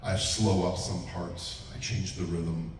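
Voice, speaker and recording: A man who voices characters, answering a fan's question at a convention panel in an animated way, with lots of restarts. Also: low voice, slow, a little hiss or hum. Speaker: voice actor guest on a convention panel. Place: large convention hall. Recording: roomy hall from far off.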